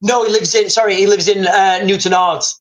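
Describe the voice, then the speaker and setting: A man's voice: high voice, fairly even intonation, fairly quick, low-quality recording. A man hosting a live stream, reading out viewer comments and talking straight to his audience in a rambling, repetitive way. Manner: rambling, repeats himself, talks straight to viewers.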